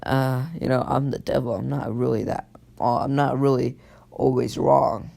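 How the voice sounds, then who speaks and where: A man's voice: medium pitch, fairly even intonation, normal speed, gravelly, warm tone. A man voicing a sly, teasing male devil in a spoken fan story. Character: smug scheming male devil.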